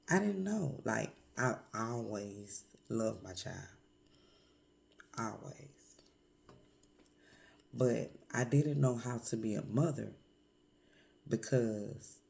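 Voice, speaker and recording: Hoarse, gravelly woman vlogger. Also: rumbling low, darkish tone. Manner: candid, reflective, with many pauses and fillers. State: hoarse from a cold. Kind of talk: personal confessional vlog.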